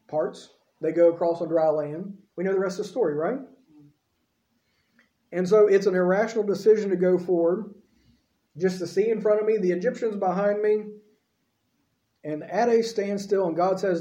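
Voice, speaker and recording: A man's voice: high-pitched, mellow, roomy sound, highs cut off. A man preaching a sermon in a folksy, conversational way, with frequent asides to the congregation.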